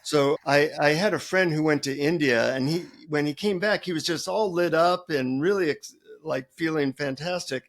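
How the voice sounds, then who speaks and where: A man guest on a podcast telling a funny story in an animated way. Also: fairly high pitch, normal speed. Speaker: guest, author.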